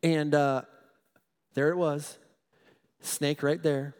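A male pastor preaching a sermon, emphatic and animated, repeating phrases for stress. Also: fairly high pitch, slow pace, long pauses, clean tone. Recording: long reverb of a large hall.

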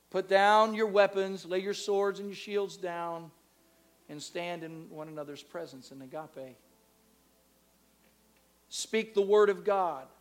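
A man preaching a sermon to a live congregation, swinging between loud, drawn-out preaching and soft, close talk, and leading the room in call-and-response. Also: sits high. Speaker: pastor. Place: church in front of a live congregation.

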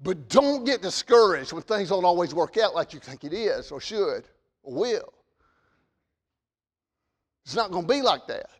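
High-voiced preacher man in a reverberant hall. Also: big pitch swings, a little slow, pauses often. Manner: repeats words, swings from loud emphasis to quiet. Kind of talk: sermon.

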